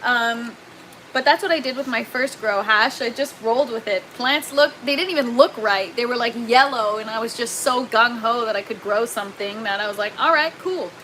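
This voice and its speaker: Chatty woman on a live stream, kinda high voice, really bright, laughs a lot. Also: normal speed, a little hiss or hum, rough recording. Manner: chatty, laughs often, reads viewer comments aloud. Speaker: livestream host. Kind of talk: casual livestream chat. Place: indoor grow tent.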